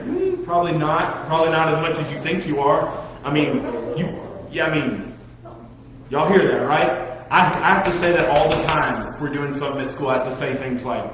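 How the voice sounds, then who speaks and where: A man preaches with a fairly high, lively voice, speaking straight to a young audience. The sound is dull and boomy, with a long hall echo and a faint hiss underneath. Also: moderate pace. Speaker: pastor. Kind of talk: sermon. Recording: dull, echoey hall recording with faint noise.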